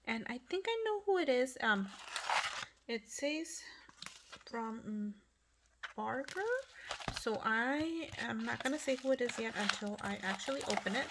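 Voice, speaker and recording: A woman hosting her craft channel, casually opening a mail package and gushing over it with breathy exclamations that at times drop to a whisper. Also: on the high side, heavy background noise. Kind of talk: casual unboxing vlog.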